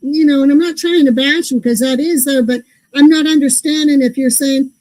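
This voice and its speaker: Woman co-host, high and mellow, casually ranting through pet peeves at the table. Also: fairly even intonation, a little fast, low-quality recording. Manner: ranting, puzzled about everyday pet peeves. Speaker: podcast co-host. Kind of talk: casual chat.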